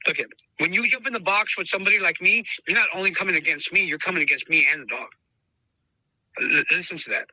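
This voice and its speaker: A man speaks in a casual interview with a forceful, tense edge to his fairly high voice. He stresses points by repeating them and keeps calling the listener brother. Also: quick pace, no echo, low-quality recording. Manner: emphatic, repeats himself, calls listener brother. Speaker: podcast host interviewed as dog trainer.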